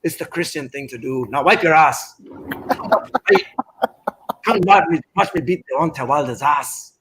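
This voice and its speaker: A man's voice: on the high side, lively intonation, measured pace, noisy background. A man putting on a brash Irish boxer. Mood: taunting. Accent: put-on Irish. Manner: loud, taunting, crude banter. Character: cocky Irish male boxer, brash and mocking. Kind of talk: casual podcast banter.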